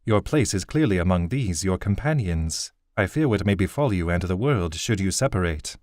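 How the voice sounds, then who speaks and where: A man voicing an old, fatherly elven king and seer who speaks in a measured, grave way. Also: low voice, animated, a little mellow, no echo, clean studio sound.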